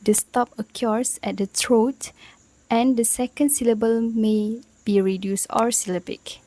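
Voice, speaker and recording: A woman's voice: fairly high pitch, steady tone, unhurried, dark tone, no room sound, low-quality recording. Young woman explaining from notes, dry sound. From Malaysia. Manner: explanatory, reads from prepared notes. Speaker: student presenter. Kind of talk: recorded class presentation.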